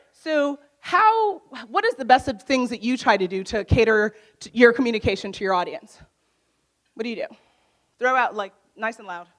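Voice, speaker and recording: Loud, lively woman speaker on stage. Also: a little high. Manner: lively, laughs often, asks the crowd questions; naturally loud. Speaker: conference speaker. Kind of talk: motivational workshop talk to a live audience. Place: conference hall stage.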